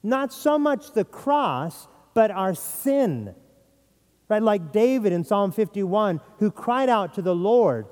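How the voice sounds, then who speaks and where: A man's voice: high voice, big pitch swings, unhurried, darkish tone, long reverb tail. A middle-aged man preaching a sermon as pastor, earnest, sometimes repeating words as he stresses a point.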